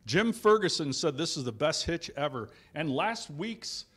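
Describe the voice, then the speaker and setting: A man's voice: on the high side, sing-song, moderate pace, a bit bright, slightly rough. A man hosting a casual company show, joking, laughing often and wandering into asides. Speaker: host. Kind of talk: casual chat.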